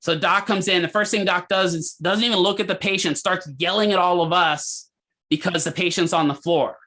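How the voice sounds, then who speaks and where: Bright-voiced man telling a clinical story. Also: high-pitched, moderate pace. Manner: animated storyteller, asks the class questions. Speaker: physical therapy instructor.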